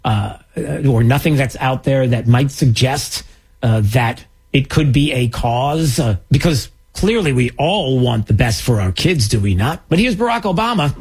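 A man's voice: mid-range voice, animated, a little slow, darkish tone, slightly rough. A man hosting a political talk show, rambling and mocking, with many restarts. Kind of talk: political commentary.

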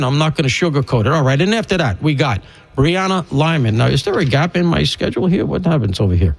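A man's voice: on the high side, rough recording. A man hosting a radio talk show, delivering an opinionated, rambling monologue with emphatic punches and wry asides.

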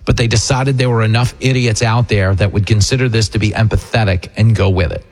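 A man's voice: lowish voice, fairly even intonation, fairly quick. A middle-aged man hosting a talk radio show, giving mocking political commentary full of jokes and mimicked voices. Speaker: radio talk host and comedian.

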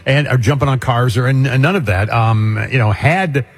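A man's voice: mid-range voice, normal speed. A man hosting a talk radio show, easygoing and wry in conversation. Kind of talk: casual talk radio chat.

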